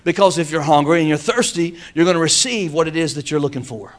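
A man's voice: a little high, quick pace. A man preaching a sermon, calling on the congregation to answer back. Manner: preaching with call-and-response. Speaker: pastor.

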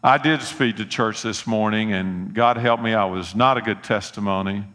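A man's voice: fairly low pitch, normal speed, fairly bright tone. A middle-aged man, preaching a sermon and telling folksy personal stories with earnest appeals. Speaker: pastor.

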